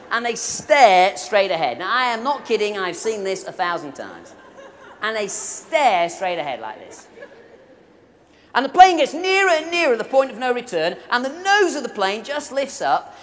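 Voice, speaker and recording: A man's voice: very high voice, fairly bright tone, a little hiss or hum. A man preaching a sermon at a conference, telling stories with humour and appealing directly to his audience. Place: large hall at a conference event. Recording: live recording in a reverberant hall.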